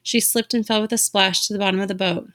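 A woman reading a novel aloud with dramatic expression, lifting her voice for the characters' shouts. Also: steady tone, fast talker. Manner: dramatic reading, raising pitch for shouted lines. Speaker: reader.

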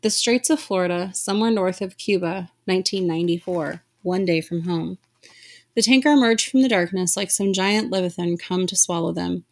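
A woman reads a novel aloud in a lowish voice with a gravelly, fry-tinged edge. She reads with drama, pushing her voice up whenever a character shouts. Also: normal speed. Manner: dramatic reading, raising pitch for shouted lines. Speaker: reader.

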